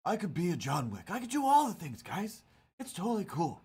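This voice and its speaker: Man putting on a raspy, sing-song dopey bro cat, cartoon-goofy and full of himself. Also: high-pitched, wildly swooping pitch, a little fast, darkish tone, pitched above the performer's own voice, heavily acted. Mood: boastful. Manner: goofy, self-assured bro talk.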